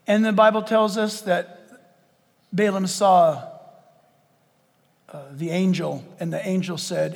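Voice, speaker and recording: A male pastor preaching a sermon in an animated way, acting out scenes and laughing often. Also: high-pitched, a little slow, pauses often, big-room sound, slight background noise.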